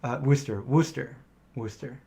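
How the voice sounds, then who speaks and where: A man's voice: medium pitch, fairly quick, creaky, dark tone, husky. A middle-aged man hosting a casual live question-and-answer stream, telling rambling anecdotes and acting out the voices of people he quotes.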